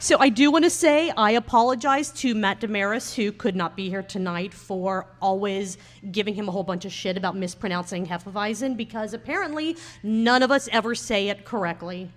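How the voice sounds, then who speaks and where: A woman's voice: mid-range voice, brisk, few pauses. A woman co-hosting a casual podcast recorded live at a bar, chatty and teasing and laughing often. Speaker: podcast co-host. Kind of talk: casual chat.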